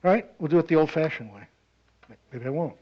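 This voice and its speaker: A man's voice: on the high side, expressive, fast. A man giving a talk at a community club meeting, telling a joke and chatting casually with the audience. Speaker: guest speaker. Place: meeting hall. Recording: dull lo-fi audio.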